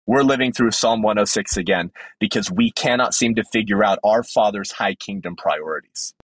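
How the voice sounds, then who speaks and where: A man, a podcast guest, giving fervent preaching-style commentary with emphatic swings in pitch. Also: moderate pace, no room sound, low-quality recording.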